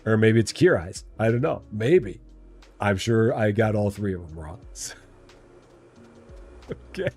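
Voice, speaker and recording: A man's voice: on the low side, expressive, measured pace, long pauses, darkish tone, breathy edge, soft background music. A man from Illinois hosting a live game stream, chatting playfully and answering viewers. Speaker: live-stream gamer host. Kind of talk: casual live-stream chat.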